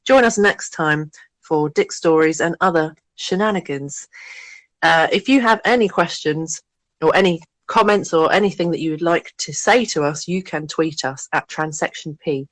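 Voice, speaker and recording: A woman co-hosting a podcast, telling an animated story and laughing often. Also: sits low, moderate pace, no echo. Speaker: podcast co-host. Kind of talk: casual chat.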